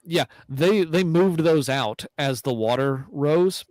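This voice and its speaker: A man's voice: a little high, animated, takes it slowly, darkish tone, no echo, rough recording. A married man co-hosting a hunting podcast, telling a rambling story with restarts. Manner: rambling, self-correcting. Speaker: podcast co-host.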